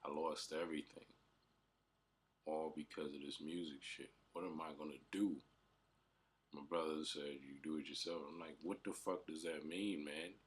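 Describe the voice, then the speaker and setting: A man in his late twenties or thirties recounts his music struggles in a loose, rambling podcast monologue. His voice sits extremely low and has a husky edge. He leans on slang and fillers as he talks. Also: fairly even intonation, normal speed. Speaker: aspiring rapper and podcast host. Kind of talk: casual storytelling monologue.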